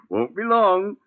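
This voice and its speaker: An actor, who talks in a folksy, teasing drawl. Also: male voice, mid-range voice. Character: sly rustic male handyman, sinister joker. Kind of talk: 1940s radio acting. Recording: tinny 1940s radio broadcast.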